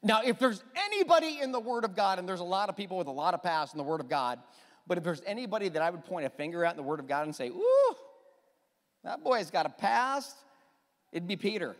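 Male pastor preaching, high voice that swings all over, long church reverb. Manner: emphatic, animated preaching with quick asides. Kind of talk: sermon.

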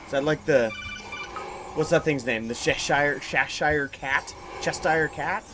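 A man's voice: on the high side, unhurried, background noise. A man giving casual, profane, joking commentary while playing a strange video game. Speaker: let's play host. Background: game music.

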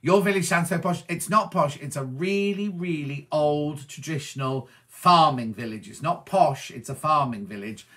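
A middle-aged man from Wiltshire in England, chatting as a presenter as he reads out viewer messages and answers each one with quick asides. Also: fairly high pitch, fairly bright tone. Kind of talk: casual chat reading viewer comments.

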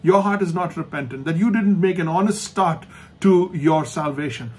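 A man preaching a sermon as pastor, emphatic and repetitive, slowing down to stress points and dropping to a soft hush at the end of each thought. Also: fairly high pitch, breathy edge, faint music behind. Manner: emphatic, repeats key phrases, slows down for stress. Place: online church service.

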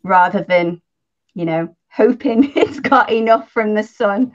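A woman's voice: medium pitch, a little slow. A woman co-hosting a livestream, explaining in a friendly way and checking whether listeners are following her. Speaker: livestream co-host. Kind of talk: casual livestream chat. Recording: dull lo-fi audio.

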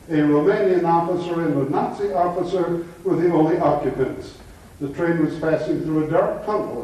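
Guy lecturing from far off in a big echoey room, mellow slightly high voice, tells little joke stories. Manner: tells jokes in an easy storytelling way. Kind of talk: lecture with anecdotes.

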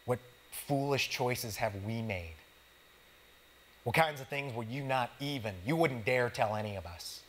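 A man's voice: mid-range voice, unhurried, fairly bright tone, a little hiss or hum. Man preaching a casual, conversational sermon. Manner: casual, conversational preaching that talks straight to the congregation; slangy everyday wording. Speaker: pastor.

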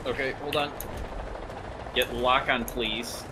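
A man in a gaming squad's voice chat, making low-key, muttered remarks to his teammates. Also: steady tone, slow, background noise. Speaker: squad mate.

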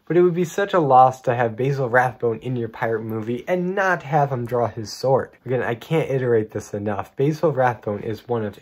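A man's voice: medium pitch, a little mellow, breathy edge. A man hosting a movie review show, talking casually with opinionated enthusiasm and joking asides.

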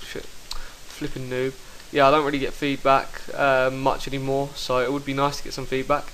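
A young man commentating his own online game fights, excitable and quick to swear, talking into a headset mic. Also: medium pitch, slight background noise, rough recording. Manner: excitable, swears, bursts into shouts. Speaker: gaming commentator. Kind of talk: live gameplay commentary.

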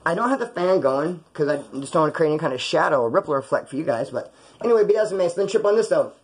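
A man's voice: fairly high pitch, racing, husky. A man casually telling profane prison stories, acting out the people in them, in a small hot room. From California. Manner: animated, profane, acts out quoted voices. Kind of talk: casual storytelling.

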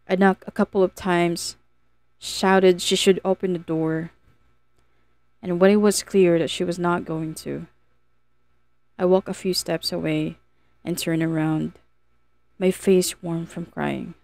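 A woman's voice: on the low side, a little mellow, no echo. Woman narrating a novel, earnest reading. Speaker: audiobook narrator. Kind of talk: first-person novel narration.

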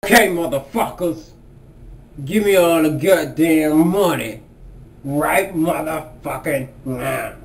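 A man's voice: on the high side, takes it slowly, reverberant, far from the mic, voice pushed down. A man playing a swaggering, clumsy small-time robber who blusters and stumbles through threats full of swearing. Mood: threatening.

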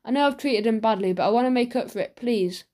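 A woman's voice: on the high side, fast talker, a little mellow, close to an everyday voice. A woman reading an audiobook, voicing a lonely rich schoolboy who talks in an earnest, apologetic way.

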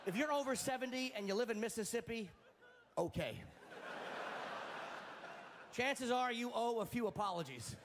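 High-voiced profane stand-up comic. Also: male voice, moderate pace, a little hiss or hum. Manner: sardonic, profane, deadpan punchlines. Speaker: stand-up comedian. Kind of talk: stand-up comedy set.

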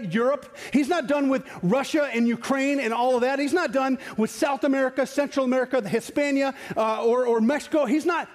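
Middle-aged male pastor from West Michigan, sermon, high-pitched, long church-hall reverb. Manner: animated, rhetorical questions, swings between loud emphasis and quiet asides.

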